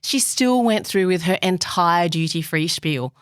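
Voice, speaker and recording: A woman's voice: on the low side, measured pace, background noise. A woman telling personal stories in a candid podcast conversation, laughing often and acting out what people said. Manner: animated storyteller, laughs often, acts out quotes. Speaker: guest.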